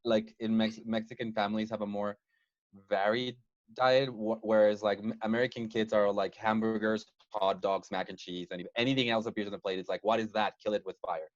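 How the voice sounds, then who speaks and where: A man comedian talking casually on a podcast in quick, filler-heavy bursts, recorded a little dull. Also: on the low side, little pitch movement, no room sound. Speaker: comedian guest.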